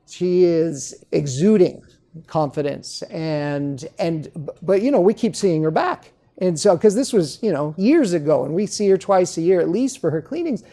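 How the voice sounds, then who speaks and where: A dentist being interviewed, telling patient stories in a casual way and often checking in with "okay?". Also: male voice, high-pitched, gravelly, dark tone. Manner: storytelling, keeps adding "okay?". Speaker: dentist guest. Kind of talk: conversational interview.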